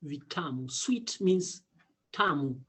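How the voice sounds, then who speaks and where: A man teaching a casual online Swahili lesson, repeating words slowly and laughing often. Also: on the high side, expressive, sharp tone.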